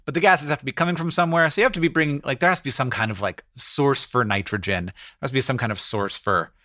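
Bright rambling man on a podcast. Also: medium pitch, fast talker. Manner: rambling, thinks out loud with many restarts. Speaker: podcast co-host. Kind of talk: casual podcast chat.

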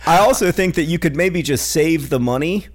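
A man's voice: fairly high pitch, moderate pace, a little hiss or hum. A man co-hosting a podcast, chatting casually with his brother and reading listener questions in a wry, joking way. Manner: joking, wry, animated storytelling. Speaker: podcast co-host.

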